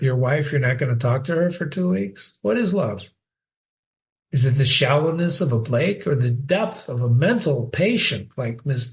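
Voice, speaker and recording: A man talks through a short story in a relaxed lesson, pausing often and asking his listeners one question after another. His voice sits a little high for a man, and his delivery is unhurried and deliberate. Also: gravelly. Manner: slow, questioning, animated with rhetorical questions. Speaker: literature teacher. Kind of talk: casual spoken literary analysis.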